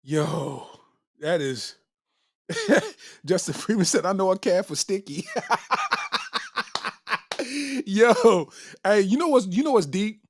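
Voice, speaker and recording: Speaking a bit slowly in a high, expressive voice, this man hosts a comedy podcast where he responds to viewer comments. His riffing is casual and slangy, broken up by constant laughter. There's no room sound, just a clean studio recording.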